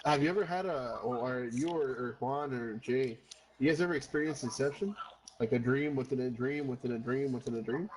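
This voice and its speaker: A man's voice: mid-range voice, fairly quick, a little mellow, a little hiss or hum, poor audio. Rambling, cursing gamer man telling a story. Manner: rambling, swears often, slips into Spanish phrases. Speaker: gamer chatting with friends. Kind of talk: casual storytelling chat.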